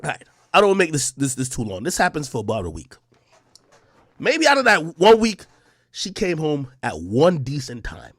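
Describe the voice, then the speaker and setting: A man's voice: fairly high pitch, wildly swooping pitch, moderate pace, a bit bright, slightly rough, no echo, clean studio sound. A man streaming live, telling a story to his chat in casual, profane slang and acting out the dialogue.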